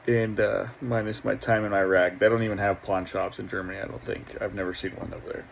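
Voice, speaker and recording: A man's voice: on the low side, flat delivery, a little fast, vocal fry, a little hiss or hum, poor audio. A middle-aged man hosting a casual reaction video, talking in a profane, rambling way and laughing often.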